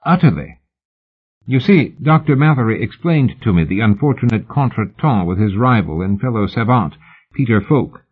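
A smooth, courteous Victorian gentleman journalist, as a man reads him, mild and ingratiating in every phrase. The voice sits a bit lifted and husky, and the sound is thin and narrow like a phone line. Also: on the low side, animated, moderate pace.

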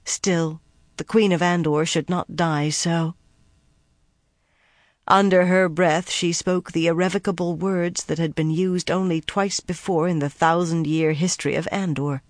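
An audiobook narrator reading a fantasy novel in an even, steady manner on a close studio mic. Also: medium pitch, unhurried, no echo.

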